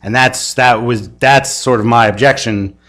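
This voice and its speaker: A man's voice: mid-range voice, fairly even intonation, measured pace, a bit bright. A man teaching a church discussion class in a casual, rambling lecture full of fillers and restarts. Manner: rambling, hesitant, many fillers.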